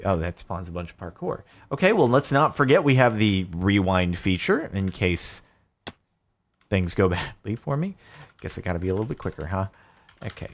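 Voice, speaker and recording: A young man gives live commentary as he plays, talking to himself and to the game. His pitch swings widely and leaps high whenever he gets frustrated or excited. Keyboard typing can be heard under his voice. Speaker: gaming YouTuber. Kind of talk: live Minecraft gameplay commentary.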